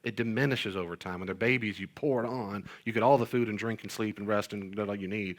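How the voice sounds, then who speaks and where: Middle-aged male pastor, lowish voice, rambling joking storyteller. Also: steady tone, fast. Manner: rambling storyteller, jokes self-deprecatingly. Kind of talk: casual podcast chat on parenting.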